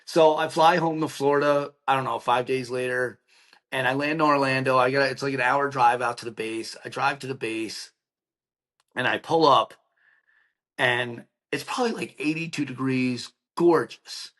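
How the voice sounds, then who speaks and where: Here a middle-aged man on a podcast shares an emotional story from his own life at normal speed and medium pitch. His delivery is lively, with voiced-out conversations and frequent "like" and "right?" tossed in.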